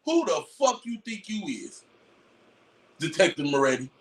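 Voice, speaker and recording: A man giving a loud, profane, mocking rant of casual commentary on a trial, breaking into shouts. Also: high-pitched, big pitch swings, normal speed, distant mic. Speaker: commentary streamer.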